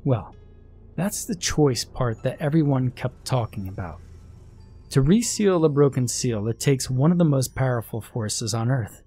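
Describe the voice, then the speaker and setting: Slow, husky man narrating horror. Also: medium pitch, warm tone. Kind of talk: first-person horror story narration.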